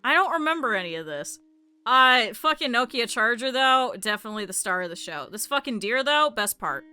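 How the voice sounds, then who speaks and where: A woman streamer chats casually with her viewers, swearing a lot and laughing often. Her voice is fairly high, sing-song, brisk and sharp, with a clean tone and a dry recording. Faint music plays in the background.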